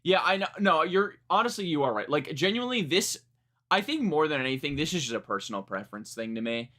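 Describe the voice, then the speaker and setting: A man's voice: fairly high pitch, very animated, quick pace, bright, forceful tone. A young man reacting live to a new song, talking casually, rambling and correcting himself, frank and a bit profane. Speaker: music reaction streamer.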